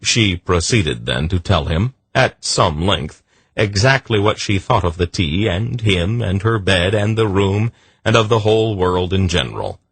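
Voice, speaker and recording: Deep, husky male audiobook narrator. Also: expressive, unhurried, a bit bright, no room sound. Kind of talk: scripted narration.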